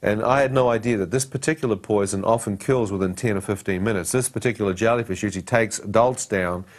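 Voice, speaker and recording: A man's voice: on the low side, fast. A man giving a personal testimony, telling his story dramatically and acting out the dialogue and his own thoughts.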